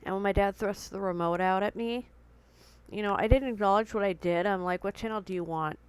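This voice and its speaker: A young woman vlogs from home in a brisk, clear, resonant mid-range voice with no room sound, though the recording is rough. Still shaken and with her heart pounding, she gives an earnest, emotional retelling of a tense confrontation, quoting what was said.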